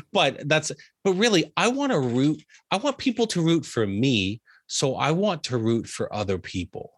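A man's voice: mid-range voice, a bit bright, slightly rough, no echo, studio quality. A young man from the USA, a realtor guest talking earnestly in an interview and getting emotional about family. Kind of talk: heartfelt interview conversation.

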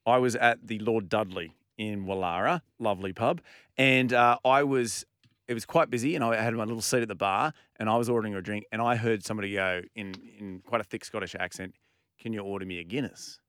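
A man's voice: on the low side, clean tone, dry recording. A man hosting a sports radio show, telling anecdotes and bantering with his co-hosts in a studio. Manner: animated storyteller, quick to banter. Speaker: radio host. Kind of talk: casual sports radio chat.

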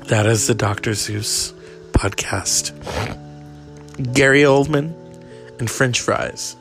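A man's voice: medium pitch, gravelly, a bit bright. A man hosting a podcast, rambling in a crude, sarcastic casual monologue. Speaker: podcast host.

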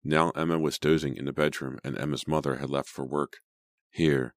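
Man, extremely deep voice, audiobook narration, steady and dramatic, dry close sound. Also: brisk, no echo.

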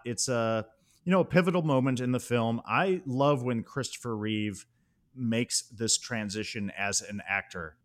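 A man co-hosting a film podcast, recounting a scene in detail with open enthusiasm. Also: mid-range voice. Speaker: podcast co-host. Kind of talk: casual film discussion.

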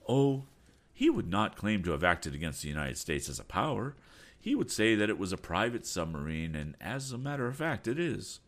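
A man voicing a calm, steely middle-aged sea captain who speaks in a measured, grave way. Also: fairly low pitch, pitched above the performer's own voice.

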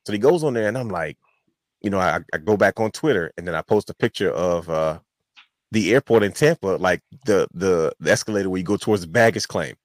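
A man's voice: deep voice, a little fast, no room sound. A man hosting a wrestling podcast, telling a long rambling story in casual chat. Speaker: podcast host.

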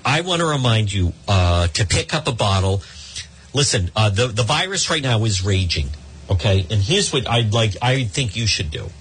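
Speaking at a moderate pace in a husky, lowish voice, this middle-aged man hosts a talk radio show. Into the studio microphone he delivers sarcastic rants and meandering live ads, sounding lively and theatrically fed up.

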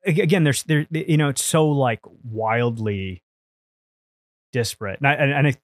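A man from India talks as a podcast guest in an animated, storytelling way. He restarts sentences and swears casually, at a middling pitch, recorded close and dry with no room sound. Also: normal speed, no room sound. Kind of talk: casual conversation.

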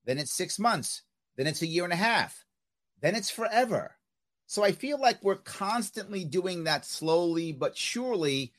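A male podcast host talking in a casual interview, opinionated and keen to make his point. His slightly high voice rises and falls a lot as he talks. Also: normal speed. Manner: animated, opinionated, repeats "right?".

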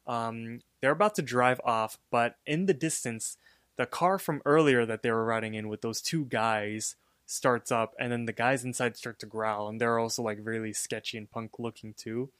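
A man's voice: mid-range voice, normal speed, clear, resonant tone, no echo. Dry-voiced podcast guy recapping casually. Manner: relaxed, filler-heavy storytelling. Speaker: podcast co-host.

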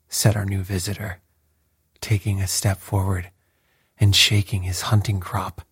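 A man narrating a story in a slow, measured way, with a husky voice. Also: low-pitched, level tone, a little mellow, no room sound, clean studio sound. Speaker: audiobook narrator. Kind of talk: scripted narration.

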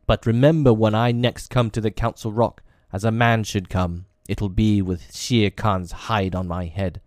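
A man's voice: fairly low pitch, fairly even intonation, unhurried, a little mellow, dry recording, clean studio sound, voice pushed up, natural voice. A man voicing a defiant young man-cub raised by wolves, with commanding, old-fashioned speech, in an audiobook reading.

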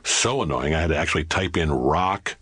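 A man's voice: extremely low pitch, fairly quick, a bit bright, husky, dry recording. A middle-aged man, an actor, telling rambling, self-deprecating stories in casual chat. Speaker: actor guest.

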